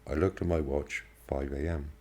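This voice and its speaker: A man narrating a novel in the first person with a steady, measured delivery. His voice is extremely deep, with a dark, mellow tone. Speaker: audiobook reader.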